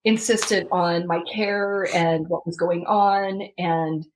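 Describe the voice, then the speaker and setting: A woman's voice: fairly low pitch, fairly even intonation, slow pace, slight background noise, rough recording. A woman guest on a podcast, telling a personal story earnestly, with many fillers and restarts.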